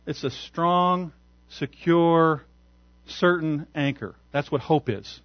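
A man pastor preaching a sermon, telling a story in an animated way and chuckling often. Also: on the high side, slow pace, no room sound, lo-fi sound.

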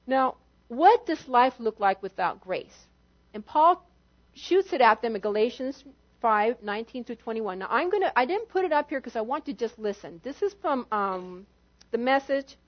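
Woman pastor, high voice, lively sermon delivery, muffled low-fi sound. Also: normal speed. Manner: animated, acts out quotes with shifting volume.

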